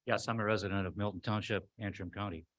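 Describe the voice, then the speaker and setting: An older man giving an unscripted public comment at a meeting, relaxed, with frequent fillers. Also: on the low side, fast, no room sound.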